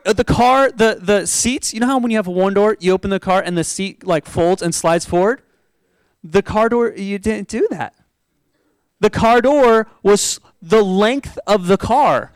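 A pastor from Oregon telling a story in a sermon, animated, laughing often and acting out the people he quotes. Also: high voice, normal speed, dry recording. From Oregon, USA.

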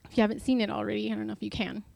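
A woman's voice: mid-range voice, level tone, rapid-fire, vocal fry, darkish tone, dry recording. A married woman giving a casual devotional talk, chatty and self-deprecating, acting out the lines she quotes. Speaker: Bible study speaker.

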